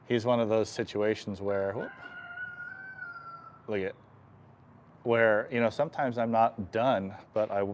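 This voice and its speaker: A man working as an equine chiropractor, explaining stretches on a live stream while softly soothing the horse and often clearing his throat. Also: lowish voice, steady tone, a little slow, long pauses, a little hiss or hum. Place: horse stall in a stable.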